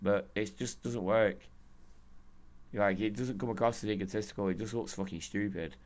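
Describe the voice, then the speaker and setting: Hoarse podcast host, slightly low voice, loose swearing ramble. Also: male voice, fairly even intonation, normal speed. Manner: rambling, profane, laughing often. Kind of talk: casual chat.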